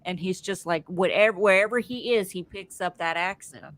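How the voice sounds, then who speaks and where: A woman with a Southern US accent co-hosting a casual podcast, joking and quick to laugh. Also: on the low side, fairly bright tone. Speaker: podcast co-host. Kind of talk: casual recap chat.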